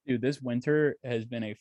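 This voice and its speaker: A man's voice: dry recording, studio quality. Swearing young man telling rants. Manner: profane, animated storytelling with sharp swings up and down in pitch. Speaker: podcast co-host. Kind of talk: casual chat.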